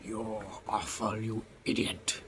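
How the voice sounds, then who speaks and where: A man's voice: lowish voice, little pitch movement, takes it slowly. A man voicing a sneering male Funko Pop toy in a harsh whispered role-play, taunting and insulting. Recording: noisy home recording.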